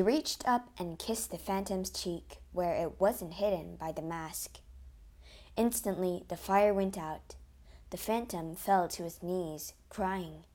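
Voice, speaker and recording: A woman narrating a children's storybook aloud in an expressive, dramatic way. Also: fairly low pitch, slow.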